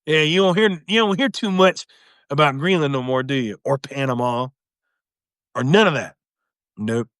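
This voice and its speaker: A man's voice: mid-range voice, moderate pace, pauses often, no room sound, studio quality. A man hosting his own live video, talking through politics in a casual, chuckling way. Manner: animated, chuckling, acts out others in mock voices. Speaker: host of a live video commentary show. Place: home livestream.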